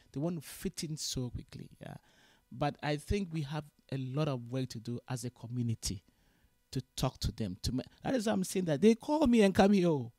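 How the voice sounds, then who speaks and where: A woman's voice: low voice, no echo. A middle-aged Ghanaian woman giving an interview, talking passionately and switching between Twi and English. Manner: passionate, lecturing, rising loud when stirred. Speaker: interview guest.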